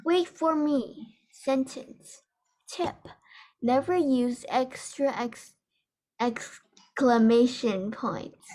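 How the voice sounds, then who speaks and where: A woman student reading a textbook aloud at a slow, careful pace. Her voice sits slightly high, and she stumbles on a word now and then. The sound comes through a video call. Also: darkish tone.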